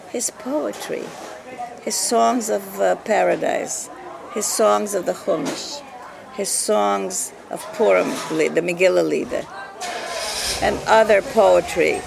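An older woman whose first language is Yiddish, telling her life story slowly in an oral history interview, repeating words for emphasis. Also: mid-range voice, creaky, a crowd in the background. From Eastern Europe. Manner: slow, reflective storytelling with emphatic repetition.

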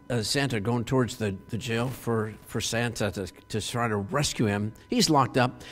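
A man gives a sermon and retells a story in a lively, animated way, often stopping on fillers and restarting his sentences. His voice sits at a middle pitch and rings with the long reverb of a hall. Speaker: pastor.

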